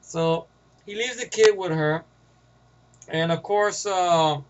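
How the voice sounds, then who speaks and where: A man's voice: sits high, takes it slowly, highs cut off. A man with a New York accent giving a rambling, profane, casual movie review, often getting sidetracked.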